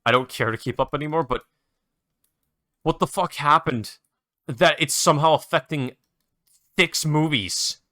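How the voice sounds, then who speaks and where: A man's voice: a little high, a little slow, pauses often, pushed and bright, no room sound, studio quality. A young man hosting his own show, ranting and rambling in a casual, exasperated way while playing a game, with lots of swearing. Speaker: host.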